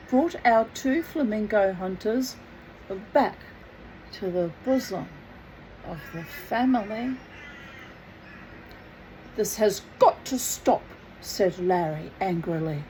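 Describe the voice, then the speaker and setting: Woman reading a book out loud, slow and easy, chatty little self-mocking asides. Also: mid-range voice, a little hiss or hum, rough recording. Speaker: reader.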